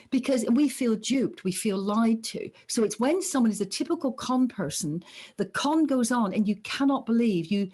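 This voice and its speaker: A woman's voice: on the high side, moderate pace, slightly rough. A middle-aged woman, a psychologist, explaining ideas in a conversational podcast interview and acting out the voices she quotes. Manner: animated, acts out quoted voices. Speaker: psychologist guest.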